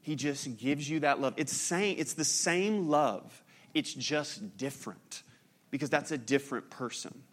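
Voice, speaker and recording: A man, a pastor preaching a sermon in a conversational, animated way with frequent "right?" asides. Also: medium pitch, unhurried.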